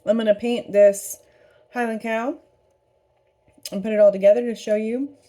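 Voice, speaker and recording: A woman's voice: on the high side, fairly even intonation, moderate pace, mellow. A woman hosting a casual craft painting tutorial, chatty and upbeat as she works. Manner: chatty, upbeat, talks while eating. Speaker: craft studio host.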